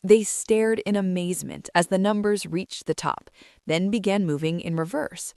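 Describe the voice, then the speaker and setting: A woman reading jokes aloud in a brisk, scripted storytelling style. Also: mid-range voice, fairly even intonation, a little mellow, no echo, studio quality. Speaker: joke teller. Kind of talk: scripted joke narration.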